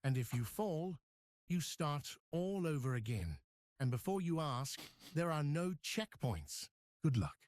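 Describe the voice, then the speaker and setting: Man doing a mocking video game announcer, theatrical, lively pitch, dry. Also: unhurried, no echo. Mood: smug. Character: smug male game announcer taunting the player.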